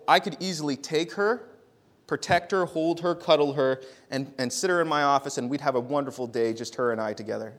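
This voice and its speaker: A man in his thirties preaching a sermon, telling stories with big swings between loud and quiet, often repeating words as he restarts. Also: fairly high pitch. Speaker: pastor. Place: church.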